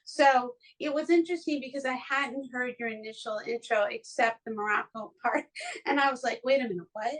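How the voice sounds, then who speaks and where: A woman's voice: on the high side, fairly even intonation, normal speed, a bit bright, poor audio. A woman hosting a podcast from her home studio, chatting casually in an effusive, emotional way, with many restarts. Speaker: podcast host. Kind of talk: casual chat.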